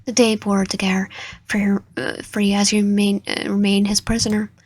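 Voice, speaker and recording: A woman's voice: medium pitch, level tone, brisk, a little mellow, breathy edge. A young woman reading a dating sim aloud, often stumbling over words and correcting herself. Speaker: gaming channel host.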